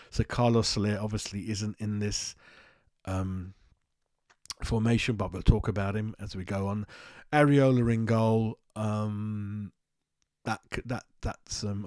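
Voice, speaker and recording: Blunt rambling London football fan. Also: male voice, on the low side, darkish tone, no room sound. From West London. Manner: rambling, blunt, self-mocking. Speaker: football fan channel host. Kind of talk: casual opinion monologue.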